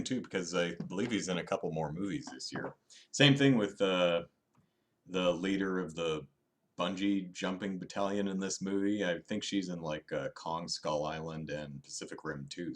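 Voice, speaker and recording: Low-voiced man hosting a rambling review. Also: moderate pace, a little hiss or hum. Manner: rambling, self-deprecating, wry; frequent restarts and fillers, animated bursts. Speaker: host of a live movie review. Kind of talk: casual live-stream movie review.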